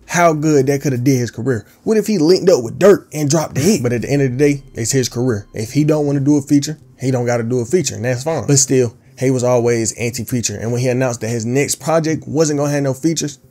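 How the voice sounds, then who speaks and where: Husky young man narrating slangy commentary. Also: mid-range voice, fast, few pauses, warm tone. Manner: casual slangy storytelling. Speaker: YouTube commentary host.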